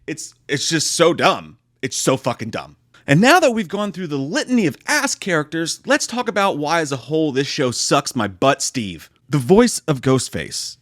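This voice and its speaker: A man's voice: on the high side, sing-song, normal speed, fairly bright tone, no room sound, studio quality. A man ranting through a TV series review, exasperated and sarcastic, swearing constantly. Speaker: movie reviewer. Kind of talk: profane comedic review rant.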